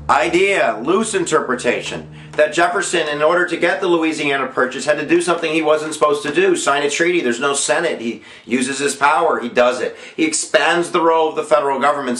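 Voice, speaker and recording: A man's voice: a little high, expressive, a little fast, fairly bright tone. A male history teacher giving a casual, jokey exam-review lesson with emphatic points and self-mocking asides. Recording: echoey room.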